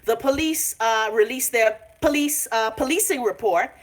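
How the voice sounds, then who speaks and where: A woman's voice: fairly high pitch, normal speed. Brash Bahamian woman ranting. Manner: brash, profane, mocking. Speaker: vlogger. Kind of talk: casual ranting live stream. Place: a home. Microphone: phone.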